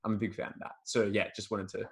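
A man co-hosting a casual podcast about writing. His voice sits a little low, and he chats loosely, with plenty of ums and likes and an easy laugh. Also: little pitch movement, fast talker. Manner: chatty, laughs often, many fillers. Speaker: podcast co-host.

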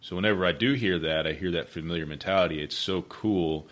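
A man hosting a podcast interview in a booming radio voice, relaxed and reflective as he asks open questions. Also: fairly quick. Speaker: podcast host.

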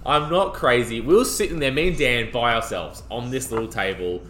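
A man's voice: medium pitch, fairly quick, a little hiss or hum. A young man, co-hosting a podcast and jokily recounting a night out in casual chat. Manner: animated, jokey, swears freely. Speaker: podcast co-host. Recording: echoey room.

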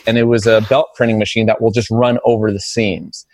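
This podcast guest, a streetwear brand founder in his forties, talks a little fast in a fairly low voice, with slight background noise in the studio. His storytelling is casual and animated, and he imitates the voices of those he quotes.

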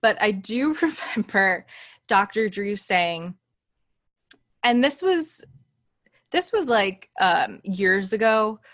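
A woman co-hosts a podcast, taking her time as she spins anecdotes with animated emphasis. Her voice sits in the middle of the range and sounds dry and close to the mic. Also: medium pitch, dry recording. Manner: unhurried, animated anecdote-telling. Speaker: podcast co-host. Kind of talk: casual chat. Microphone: studio microphone.

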